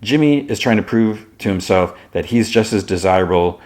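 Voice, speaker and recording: A man voicing a brisk, bossy young woman who coaches her friend. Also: on the low side, expressive, a little mellow, lightly acted. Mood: coaching. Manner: brisk, coaching, a bit exasperated.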